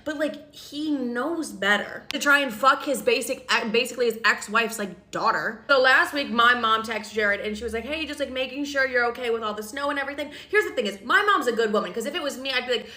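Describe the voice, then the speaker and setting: A young woman casually telling a family story to her phone camera, blunt and profane, gossiping with animated energy. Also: fairly high pitch, fairly quick, few pauses.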